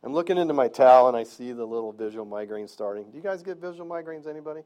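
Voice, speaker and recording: A man's voice: mid-range voice, animated, very fast, a little mellow. A male pastor preaching in church, earnest and conversational, asking the congregation questions as he goes. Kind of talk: sermon.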